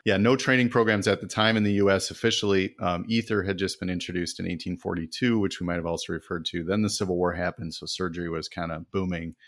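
A man's voice: low voice, steady tone, quick pace, hardly any pauses, a bit bright, dry recording, clean studio sound. A man co-hosting a podcast, chatty and laughing often as he tells a history story. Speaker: podcast co-host. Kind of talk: casual history chat.

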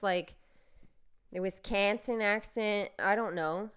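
A woman's voice: medium pitch, fairly even intonation, measured pace, clear, resonant tone. A young woman hosting her own podcast, talking in a rambling, self-deprecating casual monologue full of fillers and restarts. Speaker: podcast host.

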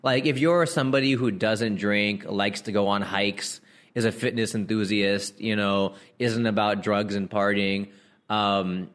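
A young comedian with a somewhat low voice riffs casually to his listeners. He talks in slang, laughs mid-sentence and breaks into quick impressions of other people. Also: steady tone, fairly bright tone. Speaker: comedian podcast host. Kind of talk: casual comedic riffing monologue.

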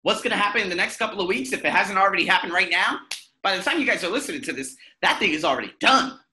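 Speaking fast in a high, expressive voice that's pushed and bright, a man hosts a profanity-heavy self-help podcast. He's blunt, quizzing himself and responding in a frank, motivational monologue.

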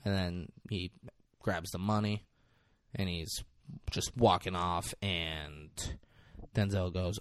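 A man in casual podcast chat, retelling a film scene with animated, loud impressions and lots of swearing. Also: sits low, slow pace, no echo, clean studio sound. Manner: animated, acts out quotes loudly, swears a lot.

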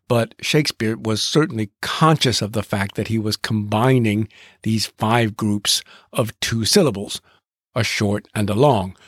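A man hosting a podcast, narrating in a deliberate way and drawing out rhythms as he explains them. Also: lowish voice, slightly rough, no room sound, clean studio sound. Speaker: podcast host.

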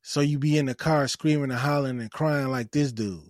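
A man's voice: mid-range voice, a little fast, darkish tone, dry recording, clean studio sound. A man hosting a podcast, giving blunt, preachy advice with swearing and lots of emphatic repetition. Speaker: podcast host. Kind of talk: casual advice monologue.

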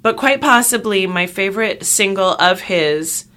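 Bright, playful woman podcast co-host. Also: mid-range voice, unhurried, hardly any pauses. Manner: playful, bursts into excited loud riffs. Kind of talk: casual comedic chat.

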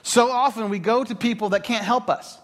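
A man's voice: very high-pitched, fairly quick. A man preaching a sermon as a pastor, talking casually and acting out the voices of the people in his story. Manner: animated, acts out quoted voices.

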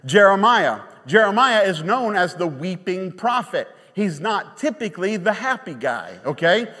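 A man preaching a sermon from the pulpit, his voice sitting high for a man. He is emphatic and animated, then drops suddenly quiet. The sound carries a long church reverb. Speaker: pastor. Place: church sanctuary.

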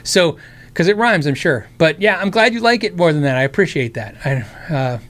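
A man's voice: fairly high pitch, expressive, normal speed, a bit bright. American man with a worn voice. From United States. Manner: rambling, friendly, with many restarts and asides. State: tired, worn voice. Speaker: guitar channel host answering live chat. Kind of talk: casual live-stream chat.

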